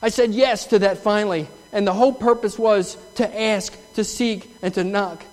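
A man's voice: high-pitched, normal speed, hardly any pauses. A man giving an earnest, emotional testimony in a church sanctuary, telling his story from the front. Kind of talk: testimony sermon. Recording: long reverb of a church hall.

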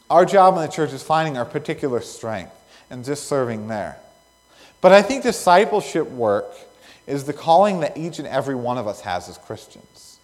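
A man preaching a sermon as pastor, earnest, with pauses and swells of emphasis between phrases. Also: a little high, a little mellow. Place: church sanctuary. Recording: long reverb of a church hall.

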